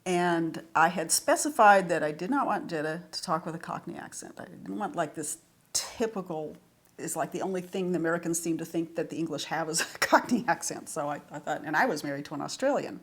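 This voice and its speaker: A woman's voice: deep voice, animated, brisk. A woman, who wrote for the series, chatting through anecdotes in a retrospective interview and laughing often. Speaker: series writer.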